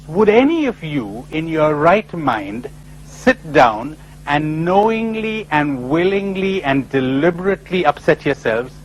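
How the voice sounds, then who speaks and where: A man giving a spiritual talk to a live audience, animated and full of rhetorical questions, often acting out other people's replies. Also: on the high side, a little hiss or hum, low-quality recording. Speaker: spiritual speaker. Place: lecture before a live audience.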